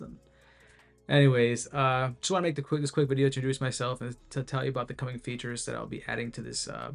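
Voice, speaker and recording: A man talks loosely about the app he built, circling back and restarting his sentences as he goes. His voice sits at a middling pitch with a gravelly, fry-laced edge. Soft music runs faintly underneath. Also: steady tone, quick pace. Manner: rambling, self-interrupting, many fillers. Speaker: app creator. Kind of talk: casual screen-share talk.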